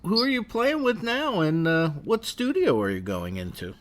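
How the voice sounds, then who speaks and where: A man's voice: a little high, very animated, moderate pace, a bit bright. A man hosting a radio interview, asking rambling, conversational questions. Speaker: radio host.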